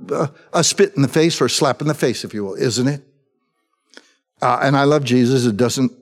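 A man preaching a sermon, talking in a conversational way and dropping in quick asides. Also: mid-range voice. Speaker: pastor.

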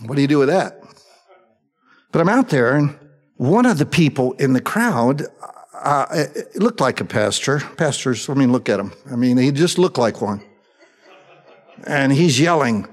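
A middle-aged male pastor teaching through the Bible verse by verse in a relaxed, conversational way, mixing in personal stories. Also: mid-range voice, normal speed. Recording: long hall reverb.

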